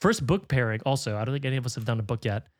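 A man's voice: mid-range voice, animated, rapid-fire, no echo, studio quality. A man hosting a film podcast, chatting casually and reading out listener emails, upbeat and laughing often. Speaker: podcast host.

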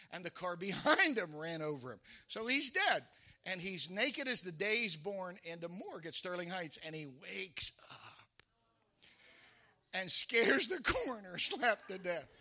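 High bright-voiced preacher. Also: male voice. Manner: emphatic preacher, shifts from storytelling to shouting. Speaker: pastor. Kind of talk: sermon.

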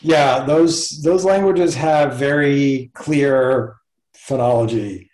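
A man's voice: mid-range voice, slow, darkish tone. A man, a professor guest in a casual interview, explaining ideas thoughtfully and step by step. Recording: roomy echo.

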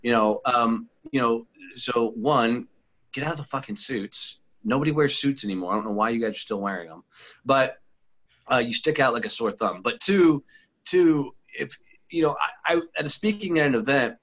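A man's voice: mid-range voice, animated, moderate pace, fairly bright tone, poor audio. A man, a podcast guest and former sales trainer talking bluntly and profanely in a casual interview, full of anecdotes.

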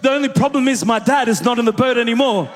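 High-voiced preacher in a reverberant church. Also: male voice, fast talker, slight background noise. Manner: energetic storyteller, calls out to the congregation. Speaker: pastor. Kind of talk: sermon with storytelling.

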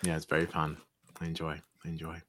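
A man with a bass voice talks fast as co-host of a casual reality TV recap podcast, running the show. He's lively as he wraps things up by plugging the show's socials.

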